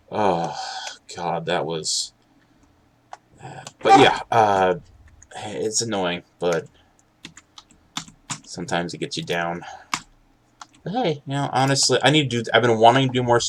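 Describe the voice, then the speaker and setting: A young man chatting casually while live streaming, rambling and halting with many restarts and an occasional sarcastic aside. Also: low-pitched. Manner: candid, sarcastic at times.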